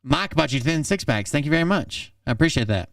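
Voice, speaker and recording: A man's voice: fairly high pitch, lively intonation, a little fast, gravelly, dry recording, clean studio sound, distant mic. A man hosting a channel, reading text messages aloud and adding sarcastic, mocking asides. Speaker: channel host.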